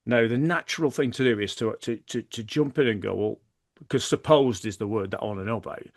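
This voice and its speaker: A man's voice: mid-range voice, a little fast, no echo, studio quality. A middle-aged man, a podcast guest who explains his methods by acting out example dialogues. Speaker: guest, former hostage negotiator. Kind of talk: podcast interview.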